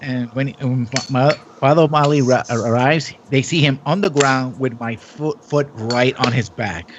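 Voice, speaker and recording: A man at a tabletop game calmly describing his character's moves in a blunt, halting way, in a mid-pitched voice. A clear hiss of background noise sits under his words. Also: highs cut off. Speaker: player. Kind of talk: casual tabletop play.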